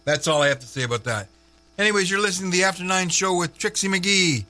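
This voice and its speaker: A man's voice: high voice, fast talker, bright, forceful tone. A man hosting a morning radio show, chatting casually with rambling, offhand asides into a studio mic. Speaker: radio host.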